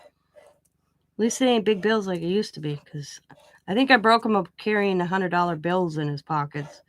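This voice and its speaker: A woman hosting a craft channel, casually telling a rambling family story full of asides and lively retold dialogue. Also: fairly low pitch, normal speed, dry recording. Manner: rambling, chatty, full of "you know" asides; animated when retelling quoted dialogue.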